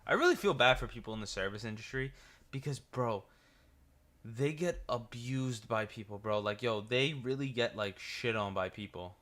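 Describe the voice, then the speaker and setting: A man with a New York accent riffs through a casual reaction video. His voice is bright and forward. He curses freely, restarts his sentences and laughs his way through his stories. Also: medium pitch, lively intonation, normal speed. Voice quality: profane, rambling storyteller.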